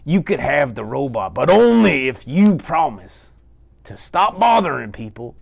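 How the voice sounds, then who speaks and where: A man's voice: medium pitch, sing-song, a little slow, vocal fry, exaggerated voice. A man voicing a firm, kindly eighty-year-old grandmother in a bedtime puppet story.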